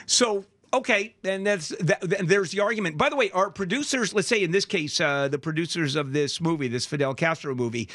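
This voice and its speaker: Bright-voiced talk radio host, rambling. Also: male voice, high voice, fairly quick, few pauses. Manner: rambling, many fillers and restarts. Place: radio studio.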